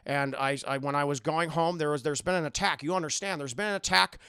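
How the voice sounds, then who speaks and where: A man voicing a menacing, controlling older male captor, speaking slowly and deliberately in a falsely calm way. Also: a little high, clear, resonant tone, dry recording, clean studio sound, pitched below the performer's own voice. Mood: ominous calm.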